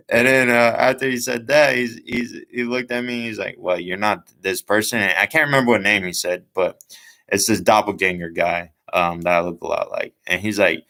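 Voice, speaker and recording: A man's voice: lowish voice, steady tone, normal speed, bright, forceful tone. A man in his twenties casually telling a personal story, rambling, with lots of fillers and asides. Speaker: vlogger.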